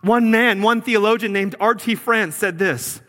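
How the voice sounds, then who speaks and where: A man preaching a sermon as pastor, earnest, sometimes dropping low and quiet for emphasis. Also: a little slow, long reverb tail.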